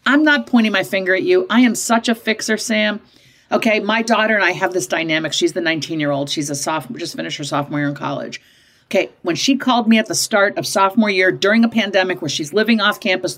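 A woman in her fifties telling parenting stories in an interview, emphatic and animated, often switching into higher voices to act out quoted parents and kids. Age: 50s. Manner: emphatic, punctuates points with "okay?". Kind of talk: conversational storytelling in an interview.

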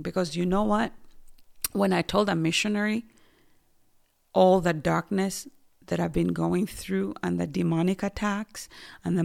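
A woman from Uganda giving an earnest personal testimony as a guest, emphatic and dropping to soft near-whispers at intense moments. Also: lowish voice, vocal fry.

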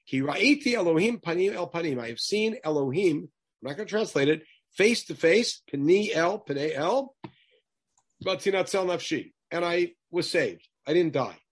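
A man leading a text study class, talking in an animated way and firing off rhetorical questions to his students. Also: a little high, slightly rough. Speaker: teacher.

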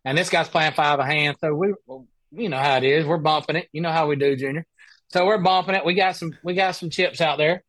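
A man's voice: on the high side, fairly quick, no room sound. A man, a professional golfer telling casual stories as a podcast guest and acting out the people in them. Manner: animated storyteller, voices other people in his anecdotes. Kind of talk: casual storytelling.

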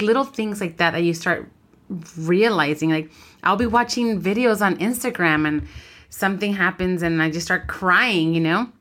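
Speaking with a lowish, fairly bright voice, this podcast co-host is a woman who talks casually, candidly and with animation, moving back and forth between Spanish and English.

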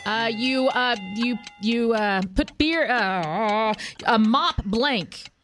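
A woman's voice: a little high, animated, extremely slow, a bit bright, a little hiss or hum. A woman co-hosting a radio show, stumbling through word-game clues. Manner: flustered, stumbling. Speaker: radio co-host.

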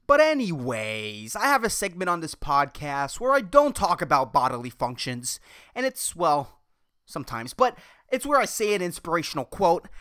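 A man's voice: a little high, a bit bright, no echo, clean studio sound. A man hosting a solo podcast, rambling and ranting with lots of profanity. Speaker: podcast host. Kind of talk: casual solo podcast monologue.

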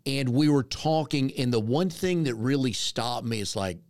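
A man's voice: mid-range voice, moderate pace, a little mellow, no room sound, studio quality. A man from North Carolina hosting a casual interview, chatty and self-deprecating as he tells stories. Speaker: podcast host.

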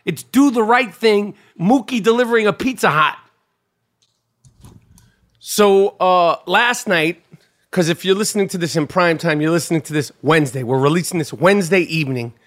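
High-voiced, profane man rambling solo. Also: moderate pace, fairly bright tone. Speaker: podcast host. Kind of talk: casual monologue. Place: New York.

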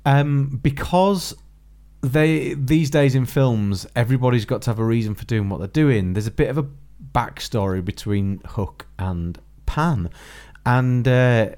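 A man co-hosting a casual film review podcast, talking in a relaxed, hesitant way. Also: medium pitch, a little slow. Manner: relaxed, hesitant, with many fillers. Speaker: podcast co-host.

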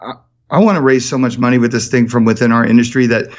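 A man's voice: medium pitch, fairly even intonation, fast, dull audio. A man talking as a podcast guest, telling stories with energy and many restarts. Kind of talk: casual interview talk.

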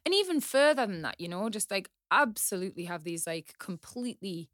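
A woman's voice: mid-range voice, very animated, fairly bright tone, no room sound, clean studio sound. A woman guest in a casual interview, talking openly and frankly and laughing easily. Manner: open, frank, quick to laugh. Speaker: guest, reality TV personality.

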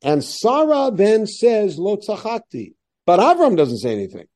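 A man teaching a Bible class as a lecturer, quoting the text in quick spoken paraphrase. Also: high voice. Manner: animated lecturer voicing quoted lines.

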